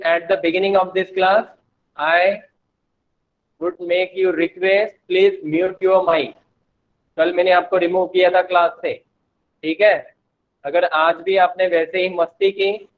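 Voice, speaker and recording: A male teacher with an Indian accent giving an online English lesson to children, speaking slowly and repeating words for the class. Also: sits high. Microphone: video call. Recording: tinny phone-like online call audio.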